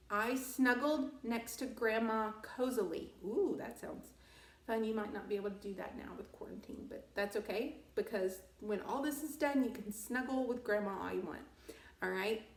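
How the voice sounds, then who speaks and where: A woman's voice: mid-range voice, distant mic. Woman teacher, patient and encouraging with kids, recorded slightly off-mic in a roomy space. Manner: patient, encouraging, asks and answers her own questions. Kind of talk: remote grammar lesson for young children.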